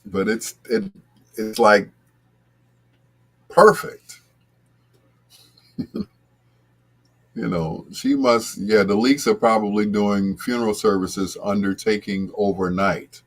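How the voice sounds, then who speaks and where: A man hosts a radio show with a deep, low voice, chatting casually at a slow pace. He rambles, restarts and drifts into asides. His voice leaps up when something excites him. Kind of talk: casual storytelling chat.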